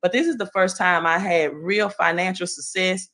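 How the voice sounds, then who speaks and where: Bright-voiced Southern woman, motivational. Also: lowish voice, moderate pace. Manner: earnest, motivational, with many ums and "right?". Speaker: guest speaker. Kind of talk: testimonial on a group call.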